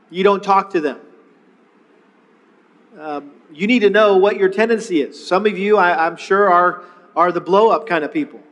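Male pastor, high voice, earnest sermon, stumbles and repeats words, long hall reverb. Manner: earnest, repeats words when starting phrases.

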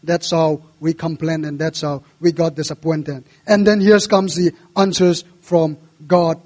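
A man preaching a sermon in earnest, his voice rising and growing louder when he quotes scripture, with non-native English phrasing. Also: on the high side, fairly even intonation, measured pace. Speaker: pastor.

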